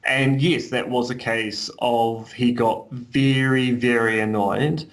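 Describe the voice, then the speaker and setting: A man's voice: mid-range voice, steady tone, slow. A man from New Zealand co-hosting a casual podcast, talking in a wry, joking way with dry asides. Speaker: podcast co-host.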